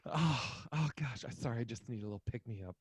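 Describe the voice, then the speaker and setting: Jittery young girlfriend, played by a man, hushed and defensive, comedy podcast skit. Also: medium pitch, breathy edge, no echo, close to an everyday voice. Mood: sheepish. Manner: soft, hurried, making excuses. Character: jittery young woman girlfriend, secretly using coke.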